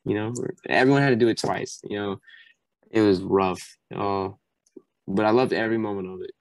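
A man's voice: lowish voice, moderate pace, no room sound. A young man, a podcast guest, telling stories animatedly in casual chat and acting out the people in them. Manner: animated, acts out drill instructors. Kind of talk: casual storytelling.

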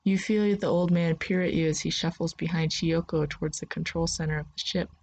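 A woman narrating a sci-fi story in the second person, in a calm, steady storytelling manner. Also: low-pitched, fairly quick, breathy edge, lo-fi sound.

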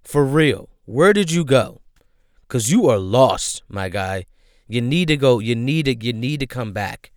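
A man's voice: mid-range voice, lively intonation, measured pace, dry recording, studio quality. A young man giving a casual, slangy commentary rant, emphatic and repetitive, with frequent "bro" and "my guy". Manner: slangy, emphatic, repeats himself, leans on "bro".

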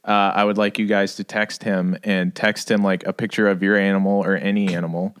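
A man who is a youth pastor, telling a story in a laid-back, halting way on a podcast. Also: on the low side, level tone, clean tone. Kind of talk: casual chat.

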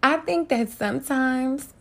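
A woman's voice: high voice, a little slow, gravelly. A woman hosting a casual celebrity gossip commentary, candid and profane, often laughing, with features. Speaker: host.

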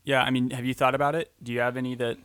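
A man hosting a podcast in casual chat, easygoing with short replies and relaxed asides. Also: mid-range voice, very fast, clear, resonant tone, dry recording, studio quality. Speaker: podcast host.

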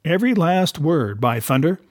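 A man's voice: a little high, big pitch swings, moderate pace, a little mellow, dry recording, studio quality. A man doing a blustering old pirate cook. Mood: bargaining. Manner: rough sailor's dialect, blustering. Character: one-legged old male pirate cook, wheedling then furious.

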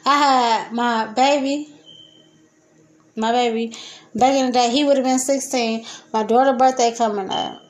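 Speaking a little slowly, a high-pitched woman from Detroit hosts a podcast in a rambling, casual solo talk. She's loud and crude, laughing as she shifts between excited outbursts and low mutters.

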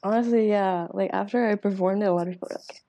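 A woman's voice: mid-range voice, steady tone, quick pace, warm tone. A young woman, a podcast guest, who recites a rhyming poem and then chats casually, trailing off and often asking "you know what I mean?".

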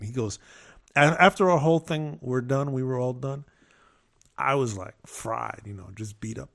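A man in his fifties chatting casually on a podcast, telling rambling stories with animated asides. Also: medium pitch, a little slow, vocal fry. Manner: rambling, with frequent restarts and animated quoted asides. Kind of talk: casual storytelling chat.

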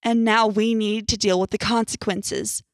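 A woman's voice: medium pitch, level tone, moderate pace, no room sound, clean studio sound, close to an everyday voice. A woman voicing a tired, haggard middle-aged male doctor, speaking urgently, in a horror story reading. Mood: weary.

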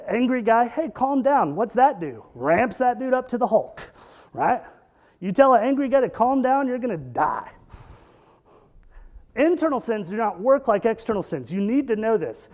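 A pastor preaching a conversational sermon, animated, with rhetorical questions and joking asides. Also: male voice, very high voice.

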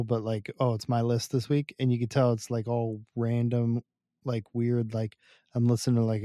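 A man with a mid-pitched, warm, mellow voice co-hosts a podcast. He talks bluntly and teases his co-host, with a dry, close sound. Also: dry recording. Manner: blunt, animated storyteller, teasing. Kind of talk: casual chat.

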